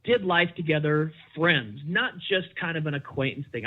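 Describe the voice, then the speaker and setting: A man talking as a podcast guest, telling a personal story in an animated, emphatic way and acting out the dialogue. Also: a little high, normal speed. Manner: animated, emphatic, acts out dialogue in his stories. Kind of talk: conversational storytelling. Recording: dull lo-fi sound.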